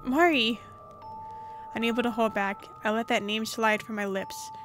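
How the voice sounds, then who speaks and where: A woman's voice: a little high, level tone, brisk, over music. Woman reading a story game aloud. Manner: storybook narration with asides. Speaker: gaming channel host.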